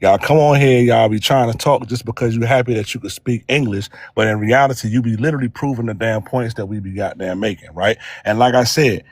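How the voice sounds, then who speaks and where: A man's voice: medium pitch, fairly even intonation, a little fast, hardly any pauses, dry recording, studio quality. A man from the United States in a heated debate, delivering a profane, scornful tirade full of slang and repetition. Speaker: debate panelist.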